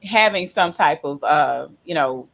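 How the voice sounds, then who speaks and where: Middle-aged woman, low-pitched voice, rambling and hesitant, casual chat. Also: lively intonation, a little slow, vocal fry, fairly bright tone. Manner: rambling, hesitant, laughs often.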